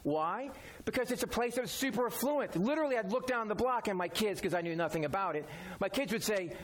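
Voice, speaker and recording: A man's voice: sits high, lively intonation, a little fast. A man preaching a sermon in a folksy, conversational way, using everyday examples. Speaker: pastor.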